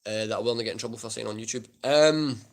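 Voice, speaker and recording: A man's voice: lowish voice, fast. A Scottish man chatting casually on a livestream, reading viewer comments aloud and answering them. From Scotland.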